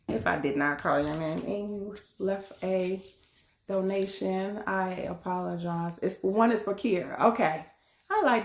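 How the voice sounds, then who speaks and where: A woman with a lowish voice gives a relaxed live tarot reading, chatting to her viewers and calling them beloved. She laughs easily between thoughts. The sound bounces around an echoey room. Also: slight background noise. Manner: laughs often. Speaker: tarot card reader.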